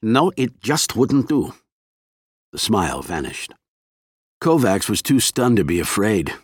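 A man reading a thriller novel aloud in measured, expressive narration. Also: lowish voice, breathy edge. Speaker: audiobook narrator. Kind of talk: scripted narration.

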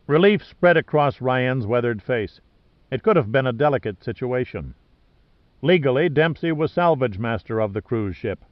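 A man narrates an adventure novel in a steady, measured way, at a mid pitch. The recording is dull and lo-fi, and very dry. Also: no echo. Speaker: audiobook narrator. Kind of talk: scripted narration.

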